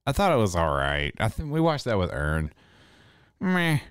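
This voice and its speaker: A man's voice: sits low, big pitch swings, fairly quick, clear, resonant tone, no echo, clean studio sound. A man in his forties telling rambling, profane stories in casual chat. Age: 40s. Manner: profane, rambling storytelling with laughs.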